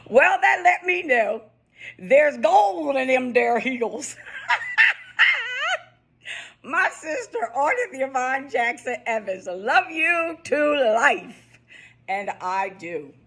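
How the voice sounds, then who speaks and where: A woman's voice: high voice, big pitch swings, extremely slow, vocal fry, pauses often, a bit bright, husky. A middle-aged woman with a US East Coast accent, talking casually in a personal vlog and reading her own poem, often laughing and repeating phrases for emphasis. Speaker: vlogger.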